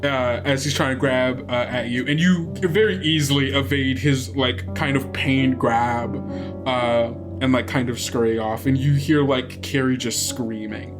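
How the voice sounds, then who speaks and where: A man's voice: mid-range voice, steady tone, measured pace, over music. A man, the game master and podcast host, narrating a tabletop game with rambling, filler-heavy description.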